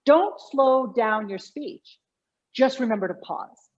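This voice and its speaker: A woman communication coach explaining speech habits in an interview, emphatic and lively. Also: fairly high pitch, slow pace, highs cut off. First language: English. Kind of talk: conversational interview.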